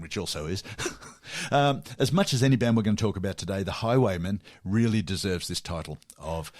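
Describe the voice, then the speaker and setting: A man hosting a music show, chatting casually and jokily with lots of restarts. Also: fairly low pitch. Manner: jokey, rambling, many restarts. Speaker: radio music show host. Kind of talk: casual chat.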